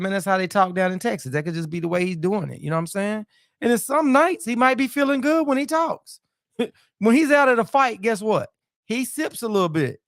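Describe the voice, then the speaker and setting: A man's voice: high-pitched, no echo, studio quality. A man hosting a casual live-stream boxing chat, loose and repetitive, dropping "man" and "you know" into nearly every sentence. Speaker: boxing talk show host.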